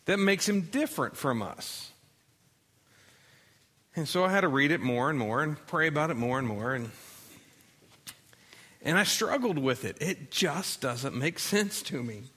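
A man preaching a sermon, telling a story with energy, rising loud and dropping soft, and acting out the voices of the people in it. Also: on the high side, breathy edge. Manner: animated storytelling, acts out voices, rises loud then drops soft. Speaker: pastor.

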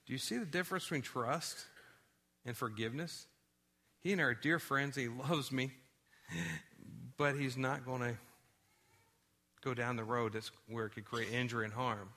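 Guy preaching in church, bright voice, tells stories all animated. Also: mid-range voice, moderate pace, long pauses. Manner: animated storytelling, drops to quiet tones for sad moments. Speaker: pastor. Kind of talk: sermon with personal story.

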